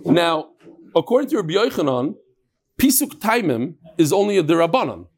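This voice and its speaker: Man, talmud class lecture, lively voice, fairly high. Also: moderate pace, slight background noise. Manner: animated storytelling with Yiddish and Hebrew terms.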